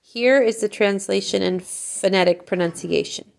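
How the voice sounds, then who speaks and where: A woman directing a choir, teaching how to pronounce a hymn's lyrics by speaking them slowly and carefully, sometimes singing short phrases. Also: mid-range voice, gravelly. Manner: slow, careful enunciation with sung examples. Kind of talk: pronunciation lesson for choir singers.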